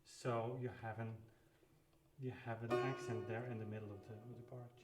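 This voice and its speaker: A man talks through a keyboard lesson in a calm, unhurried way, working out each fingering step aloud. His voice sits at an ordinary middle pitch. The room is roomy and echoey, and keyboard playing sounds loudly behind him. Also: over loud music. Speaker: keyboard teacher. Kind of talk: live practice lesson, thinking aloud. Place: room with a clavichord.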